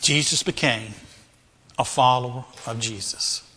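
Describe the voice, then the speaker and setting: A man's voice: mid-range voice, measured pace, bright, forceful tone, slightly rough. A male pastor preaching a sermon, asking rhetorical questions and repeating phrases for emphasis, in a church. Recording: reverberant hall.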